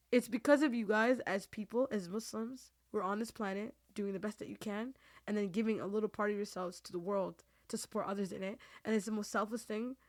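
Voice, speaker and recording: Woman host, earnest and rambling, team-chat podcast. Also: medium pitch. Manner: heartfelt, rambling, many restarts; Muslim phrases woven into speech.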